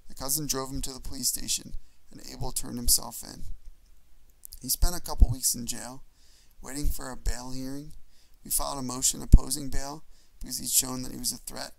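Hombre que lee unas memorias en audiolibro, voz rasposa, tono medio, lectura pausada. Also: male voice, mid-range voice, flat delivery, background noise. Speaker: audiobook reader. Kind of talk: memoir audiobook narration.

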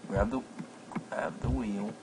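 A man casually commentating a game as he plays, excitable and quick to yelp and exclaim at what happens. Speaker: gameplay commentator. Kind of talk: casual let's-play commentary. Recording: noisy home mic recording.

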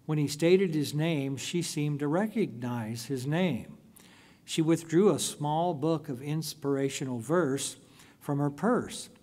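A man preaching a sermon as a pastor, telling a story in a deliberate way with drawn-out phrases. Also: on the high side, a little mellow.

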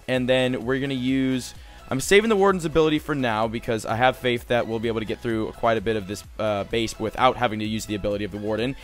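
A young man giving casual, excitable commentary over his own gameplay, swearing and growing frustrated as things go wrong. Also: mid-range voice. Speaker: gaming commentator.

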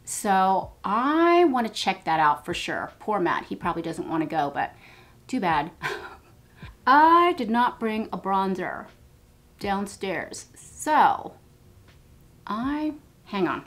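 A woman's voice: mid-range voice, very animated, slow pace, pauses often, fairly bright tone. An older woman chatting casually while doing her makeup, self-deprecating and gushing over new products, filmed in her home basement. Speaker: beauty vlogger. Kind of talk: casual get-ready-with-me chat.

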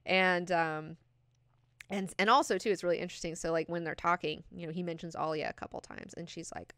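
A woman hosting a book club, talking casually and excitedly with lots of swearing and fillers. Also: lowish voice, fairly quick, clean tone, no echo.

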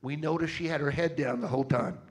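A man's voice: a little high, fairly even intonation, quick pace. A man preaching a sermon in a church, telling dramatic stories and calling out to the congregation for responses. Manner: dramatic storyteller, rallies the crowd with call-outs. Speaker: travelling preacher. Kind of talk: sermon with storytelling and fundraising appeal. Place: church service.

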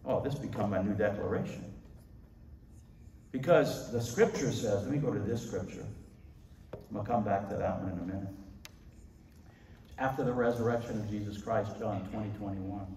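A male pastor preaching an animated sermon, his voice booming when he quotes scripture. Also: slight background noise. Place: large church hall. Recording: echoey hall, voice from far off.

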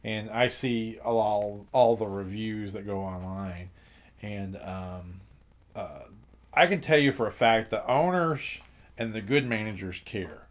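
A man's voice: lowish voice, fairly even intonation, slow pace. A man hosting a casual chat, reacting to a guest's story with dry wisecracks.

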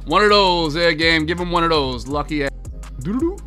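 A young man talks over his own football video game match, cursing freely and lurching between grumbled asides and loud exasperated outbursts. His voice sits a little high and sounds bright and sharp. Faint game music plays behind him. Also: brisk. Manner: swears often, swings from low muttering to loud exasperated outbursts. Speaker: gaming video creator. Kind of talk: live gameplay commentary.

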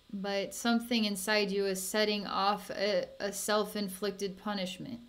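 Speaking in a mid-range voice, a psychic healer gently leads an energy healing session. Her calm, soothing talk is dotted with sighs and small laughs.

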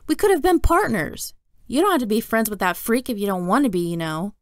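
A woman's voice: mid-range voice, lively intonation, fast talker, no room sound, clean studio sound, lightly acted. A woman voicing a sly schoolboy bully who sounds falsely innocent and sneering, reading a storybook aloud.

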